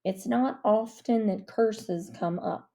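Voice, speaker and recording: A woman voicing a soft-spoken male minister in a storybook reading, calm and measured. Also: mid-range voice, gravelly. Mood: reflective.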